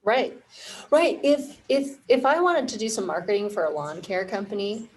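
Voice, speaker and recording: A woman who founded a marketing firm, a podcast guest explaining ideas in clear, confident steps. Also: medium pitch, moderate pace, a little mellow, slight background noise, poor audio. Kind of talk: casual interview explanation.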